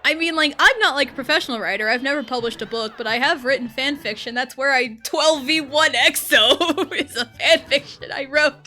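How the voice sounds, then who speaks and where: A young woman's high, sharp-toned voice moves briskly with few pauses as she streams a game. Her casual livestream chat is full of giggles and self-mockery, set against faint game music.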